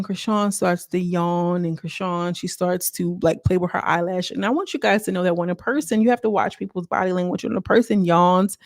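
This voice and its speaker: A woman's voice: on the low side, darkish tone, no echo, clean studio sound. A woman recapping a reality show in casual chat, acting out quotes with slang. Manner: chatty, acts out quotes with slang.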